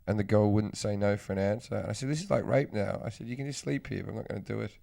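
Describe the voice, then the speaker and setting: A man's voice: on the low side, fast, vocal fry, mellow. A man co-hosting a podcast in casual chat, throwing in teasing jokes and his own stories. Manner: wisecracking, teasing interjections. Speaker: podcast co-host.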